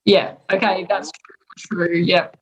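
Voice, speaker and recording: A woman's voice: lowish voice, level tone, measured pace, low-quality recording. An Australian woman casually explaining slang expressions, chatty and laughing often between words.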